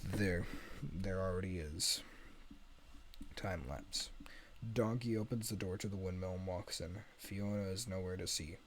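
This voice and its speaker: Lower-voiced man reading stage directions. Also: steady tone, unhurried, long pauses, slight background noise. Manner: plain, stumbles and corrects himself. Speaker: streamer reading a film script. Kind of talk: casual read-aloud of stage directions.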